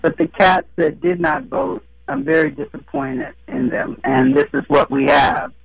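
A hoarse woman calls in to a radio show and speaks her mind, outspoken and emphatic. Her voice is gravelly with a morning roughness. It comes through a dull, lo-fi phone line. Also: low-pitched, a little slow, no room sound. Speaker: caller. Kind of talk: phone-in commentary.

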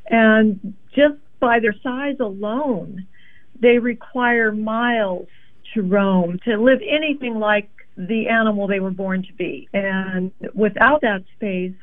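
A woman speaking as a guest in a phone interview, explaining in an earnest, measured way. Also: fairly high pitch, no room sound. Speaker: animal advocate guest. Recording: tinny phone line.

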